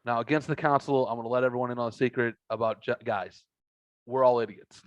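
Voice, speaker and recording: A man's voice: medium pitch, fairly even intonation, fast, no echo, highs cut off. Profane rambling podcast guy. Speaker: podcast host. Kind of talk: casual chat.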